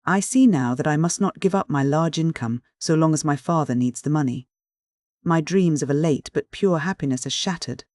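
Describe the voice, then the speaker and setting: A man's voice: a little high, moderate pace, darkish tone, no room sound, clean studio sound, natural voice. A man voicing a proud, cold noble countess, formal and commanding in a storybook reading. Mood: bitter.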